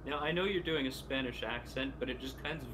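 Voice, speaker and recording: A man's voice: mid-range voice, fast. Dry, teasing male player. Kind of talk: playing a tabletop game. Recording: clear background noise.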